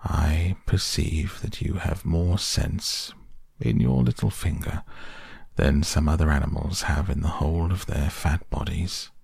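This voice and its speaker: A man voicing a wise old male badger who speaks in a dry, quiet way. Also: rumbling low, a little slow, gravelly, slightly rough, no echo, full character voice. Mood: approving.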